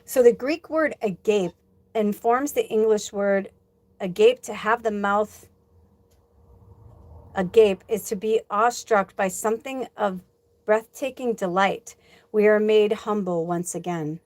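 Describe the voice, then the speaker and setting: A woman's voice: medium pitch, measured pace, darkish tone, no echo. A woman spiritual medium talks casually on a livestream, loose and rambling, with the odd curse word. She reads viewer comments aloud and mulls over them as she goes. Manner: chatty storyteller, acts out quoted dialogue.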